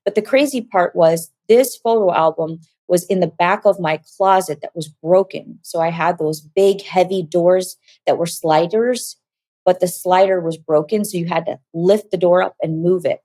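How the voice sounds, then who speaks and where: A woman telling a personal story as an interview guest, animated and acting out quoted dialogue. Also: on the low side, normal speed, dry recording.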